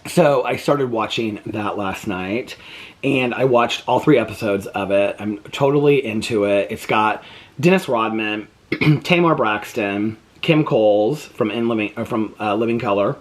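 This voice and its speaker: A man vlogging at home in a casual, rambling chat full of fillers, cooing to his pet between stories. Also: measured pace. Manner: chatty, rambling with many fillers; coos to his pet in high baby talk.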